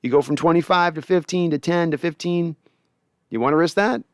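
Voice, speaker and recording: A man's voice: on the high side, fairly quick, clean tone, no room sound, clean studio sound, voice pushed up, natural voice. A man voicing a folksy old grandpa football coach who talks in a coaxing, drawling twang.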